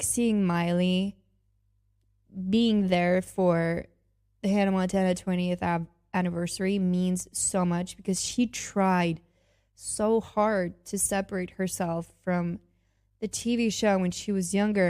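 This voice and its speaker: Slow-talking, gushing young woman podcaster. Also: on the low side. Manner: gushing and excitable, repeating exclamations. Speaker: podcast host. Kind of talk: casual reaction commentary.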